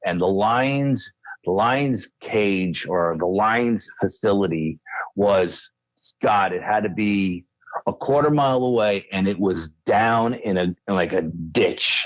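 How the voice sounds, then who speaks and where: A man's voice: on the low side, slow pace, no room sound, rough recording. A middle-aged man from New York State, a guest in an interview, telling stories with lots of fillers and restarts. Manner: animated storyteller, many fillers and restarts. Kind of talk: casual storytelling interview.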